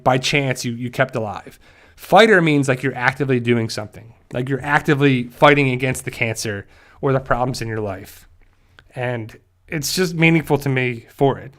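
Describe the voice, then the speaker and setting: A man hosting a casual livestream, talking haltingly with many fillers and restarts and growing emotional at times. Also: medium pitch, a bit bright. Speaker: YouTube channel host.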